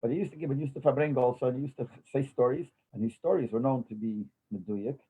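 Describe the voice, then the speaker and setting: A man's voice: medium pitch, fast talker, warm tone, breathy edge. An older man telling stories from memory in a rambling way, slipping Yiddish phrases into his English. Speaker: interviewee recalling memories. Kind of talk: casual storytelling interview. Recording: tinny phone-like audio.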